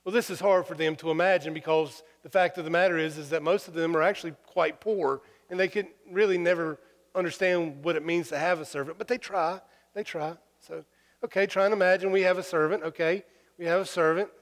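A man preaching a sermon through personal stories, folksy and humorous, halting with fillers. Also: on the high side, steady tone. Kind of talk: sermon storytelling. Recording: long hall reverb.

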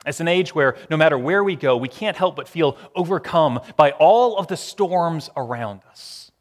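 A man preaching a sermon, shifting between strong emphasis and quiet, hushed phrases with long pauses. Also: fairly high pitch, expressive, in a large hall. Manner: dramatic pauses, swings from loud to hushed. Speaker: pastor.

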